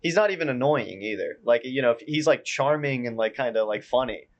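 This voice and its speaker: A man's voice: mid-range voice, lively intonation, fairly quick, lo-fi sound. A man co-hosting a casual film review, speaking bluntly, swearing freely and filling his talk with "like". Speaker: podcast co-host.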